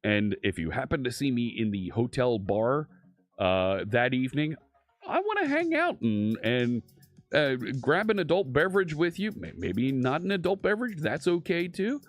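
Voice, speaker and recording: A man's voice: medium pitch, big pitch swings, moderate pace, soft background music. A man hosting a live coding stream, chatting casually and thinking aloud with frequent fillers and restarts.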